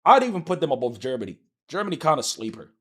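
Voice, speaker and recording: A man's voice: a little high, sing-song, fast, breathy edge. A man live streaming, ranting heatedly and profanely about soccer, repeating himself as he argues with his chat.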